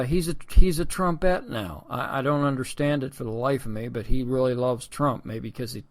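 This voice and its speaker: A man hosting a political commentary podcast, talking in a sarcastic, rambling way and calling his listeners folks. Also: mid-range voice. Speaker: podcast host.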